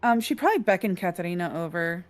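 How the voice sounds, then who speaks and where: A woman's voice: on the low side, expressive, fast talker, soft background music. Hesitant woman player at a tabletop game. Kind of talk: tabletop role-play.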